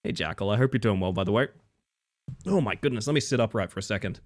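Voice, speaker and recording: A man's voice: on the low side, quick pace. A man streaming a horror game live, commenting casually, swearing freely and talking to his chat. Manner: animated, swears freely, chats with viewers.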